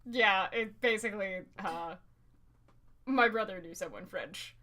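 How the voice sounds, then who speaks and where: A woman co-streamer chatting playfully over a game, quick to giggle. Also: medium pitch, sharp tone. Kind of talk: casual gameplay chat.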